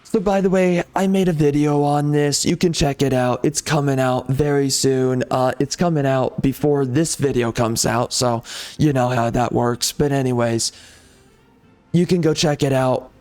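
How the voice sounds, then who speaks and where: A man's voice: medium pitch, fairly even intonation, moderate pace, darkish tone. A man making a gaming video, giving heated, repetitive, exasperated commentary over gameplay.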